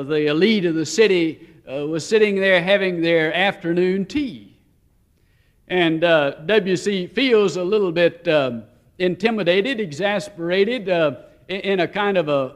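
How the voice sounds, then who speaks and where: A man preaching a sermon, telling stories and shifting between slow, weighty phrases and quick asides. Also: high voice.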